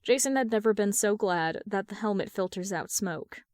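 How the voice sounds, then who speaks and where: Woman narrator, fan fiction audiobook, measured even reading, dry close voice, middle pitch. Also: no room sound. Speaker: podfic reader.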